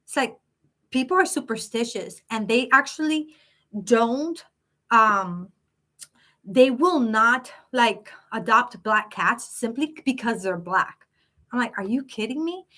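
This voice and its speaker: A woman hosting a live psychic stream, chatting casually and telling stories in an animated way. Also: a little high, slow pace.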